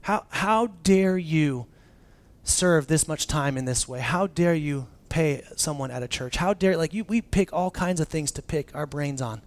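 This pastor's voice sits a little above the typical male range, and he talks at a normal speed with hardly any pauses. His sermon is casual and lively, full of restarted phrases and filler words aimed at his congregation.

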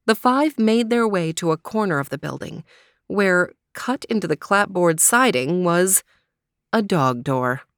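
A woman narrating a children's mystery story in a steady storytelling manner. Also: lowish voice, unhurried, no echo, clean studio sound.

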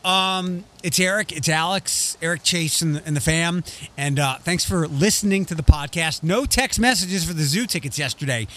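A man's voice: a little high, normal speed, fairly bright tone, slight background noise. A man hosting a casual podcast chat, rambling with frequent restarts. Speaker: radio host.

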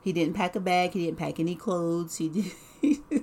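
A woman casually telling a personal story in an animated way, full of "like" and laughs. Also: lowish voice, normal speed.

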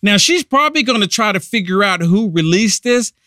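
A man's voice: high voice, lively intonation, fairly quick, bright, forceful tone, no echo, studio quality. A man hosting a political podcast, giving indignant, emphatic commentary. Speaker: podcast host.

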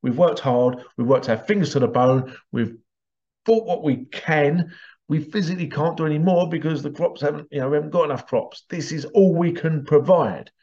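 A man's voice: fairly high pitch, moderate pace, dark tone, muffled recording, close to an everyday voice. A man voicing a defiant male worker ant who firmly refuses to give more. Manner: firm, emphatic refusal.

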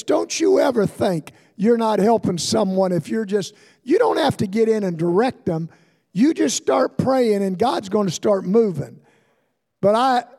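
An older man preaching a sermon as pastor, telling stories and building to fervent shouts. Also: sits high. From Ohio, USA. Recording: long hall reverb.

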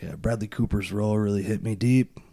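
A man's voice: on the low side, fairly even intonation, fairly quick, gravelly, dark tone. A man joking around in a casual chat among friends, laughing often and deadpanning absurd bits.

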